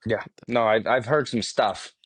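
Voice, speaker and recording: A man's voice: mid-range voice, a little slow, slightly rough. A man guesting on a podcast, telling stories casually, swearing freely and laughing as he goes. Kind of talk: casual storytelling. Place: podcast studio.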